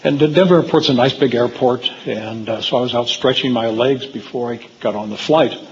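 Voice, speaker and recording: A medium-pitched man talks fairly quickly on a lo-fi recording with a long reverb tail. Before a live audience in a hall, he delivers a rambling storytelling lecture about his own life, often using fillers and starting sentences over.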